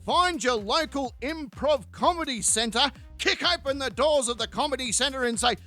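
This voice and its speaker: A man's voice: very high-pitched, normal speed, hardly any pauses, sharp tone, faint music behind. A man hosting a comedy channel, telling a crude, sweary, rambling comic monologue.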